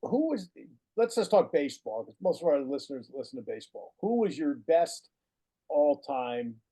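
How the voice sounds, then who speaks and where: A man's voice: fairly high pitch, huge pitch swings, moderate pace, dark tone, husky. A man hosting a podcast, asking casual interview questions. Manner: casual, encouraging. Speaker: podcast host.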